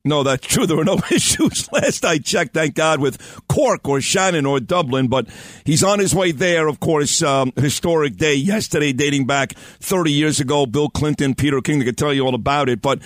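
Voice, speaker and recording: Brief: male talk radio host, somewhat high voice, fervent and opinionated, dry sound. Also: moderate pace, no echo. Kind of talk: political talk radio conversation.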